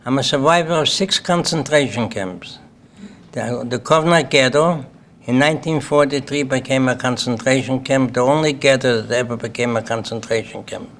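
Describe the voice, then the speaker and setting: A man's voice: medium pitch, normal speed, fairly bright tone, a little hiss or hum. An older man from Lithuania with a Lithuanian accent, giving a plain-spoken personal testimony to an audience at a symposium and often checking in with "okay?". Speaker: Holocaust survivor speaker. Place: symposium hall.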